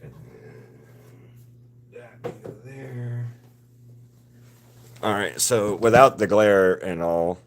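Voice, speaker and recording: Low, unhurried man chatting with viewers. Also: a little hiss or hum. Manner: relaxed, rambling, greets viewers by name. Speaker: artist live-streaming a painting session. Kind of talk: casual live-stream chat with viewers.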